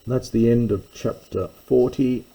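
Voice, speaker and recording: A man's voice: medium pitch, steady tone, unhurried, warm tone, poor audio. A man teaching a verse-by-verse lesson on Greek scripture, thinking aloud with fillers and self-corrections. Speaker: Bible teacher.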